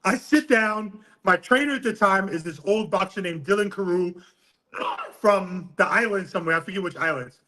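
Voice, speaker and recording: A boxing coach, middle-aged and from New York City, relates a story with laughs and curses during a casual interview, in an animated style. He speaks in a high voice at a moderate pace on a low-quality recording.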